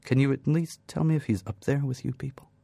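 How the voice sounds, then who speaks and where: Anxious, hesitant leader on a phone call, subdued and low, male reader doing the voice. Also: brisk, gravelly, mellow, dry recording, studio quality. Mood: nervous pleading. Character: male world president, nervous and pleading.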